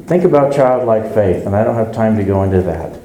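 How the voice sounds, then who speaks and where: A man's voice: on the low side, expressive, a little fast, dark tone, reverberant, poor audio. A man preaching a conversational sermon at a church service, earnestly putting rhetorical questions to the congregation.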